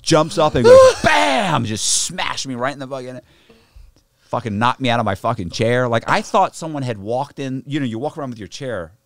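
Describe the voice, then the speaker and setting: A mid-range voice, recorded at studio quality with no room sound, belongs to a middle-aged podcast guest. He recounts a story in casual, profane, animated talk, acting out the other people in it.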